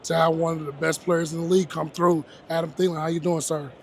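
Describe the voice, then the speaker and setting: Upbeat high-voiced man hosting. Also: little pitch movement, fast, gravelly, slight background noise. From Texas, Dallas area. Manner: upbeat, jokey, lots of "man" and "yes". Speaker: interviewer, host. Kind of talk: casual sports interview.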